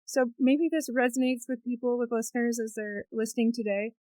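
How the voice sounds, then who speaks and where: A woman's voice: a little high, fairly even intonation, brisk, a little mellow, dry recording, rough recording. A woman hosting a podcast, reflecting on the talk and wrapping up the episode with sign-off notes. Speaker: podcast host. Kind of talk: podcast interview and outro.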